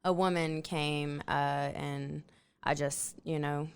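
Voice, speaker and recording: A woman appearing as a podcast guest, calmly telling what happened to her. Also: low-pitched, takes it slowly, clear, resonant tone. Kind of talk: casual podcast chat.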